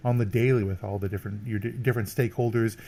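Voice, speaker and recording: A man's voice: on the low side, steady tone, rapid-fire, dark tone. A man from Canada co-hosting a podcast, wry and rambling in how he talks, over a video call. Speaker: podcast co-host. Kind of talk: casual chat.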